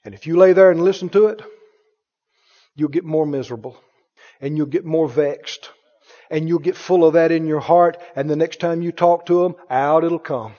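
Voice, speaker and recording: Male preacher, high voice, emphatic, rhetorical questions, echoing church, dull audio. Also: normal speed, dark tone. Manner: mimics others in a higher voice. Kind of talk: sermon.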